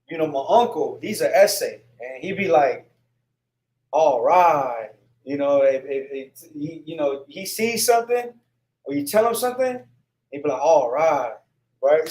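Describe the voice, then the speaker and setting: A man's voice: on the high side, a little mellow. A man teaching a word list in a casual spoken lesson, sounding out syllables one by one and often asking "right?". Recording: echoey room sound.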